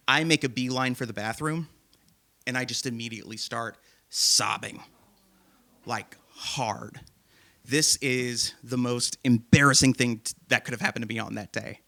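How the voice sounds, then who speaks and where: A man hosting a live comedy show, telling a self-deprecating story to an audience in a theater. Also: medium pitch. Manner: self-deprecating, animated, laughing at himself. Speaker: host and storyteller.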